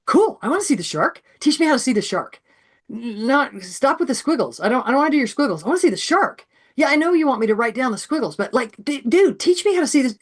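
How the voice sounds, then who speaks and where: A high, pleading student voice, put on by a woman in a lively classroom skit, swinging up and down in pitch. The kid whines and begs, exasperated and impatient. It stays light and comic throughout. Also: fast, slightly rough, heavily acted. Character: eager, exasperated student begging to see the pattern.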